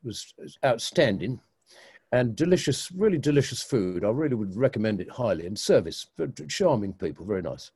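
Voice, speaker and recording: A man voicing a chatty, forgetful old gentleman in a joke, genteel and rambling. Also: mid-range voice, sing-song, normal speed, husky. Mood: enthusiastic.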